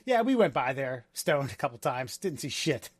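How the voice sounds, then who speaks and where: A man co-hosting a podcast in casual chat, laid-back and wry with deadpan jokes. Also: mid-range voice, normal speed, husky, no echo. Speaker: podcast co-host.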